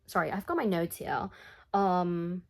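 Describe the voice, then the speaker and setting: A woman giving a casual comedic recap of a cartoon, chatty and sarcastic with animated asides. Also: fairly low pitch, a little slow. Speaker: commentary YouTuber.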